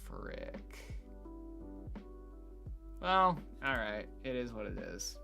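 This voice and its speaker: A man thinking out loud in a casual screen-recorded build log, hesitant with many fillers and restarts, from his room at home. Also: on the low side, huge pitch swings, extremely slow, creaky, soft background music. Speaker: hobbyist robot builder. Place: bedroom at home.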